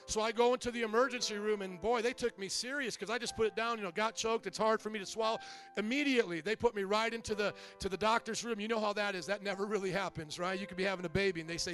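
Man, middle-aged, pastor, sermon, high voice, animated storytelling. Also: quick pace.

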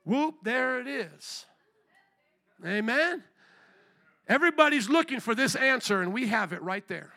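A middle-aged male pastor preaching an animated sermon with call-and-response asides and bursts of shouting. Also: very high-pitched, unhurried, pauses often.

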